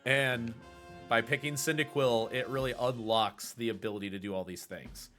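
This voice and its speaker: Faint music plays behind a man's steady, mid-range voice with a fairly bright tone and moderate pace. Speaking with a Pacific Northwest American accent, he explains game routing at length on a live speedrun stream, in casual commentary full of fillers and self-corrections.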